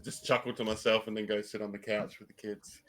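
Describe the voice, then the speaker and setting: A man with a bright, mid-pitched voice chats casually as a player in a tabletop game. He is laid-back and jokey, describing what his character does. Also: little pitch movement, brisk, a little hiss or hum. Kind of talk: casual tabletop play chat.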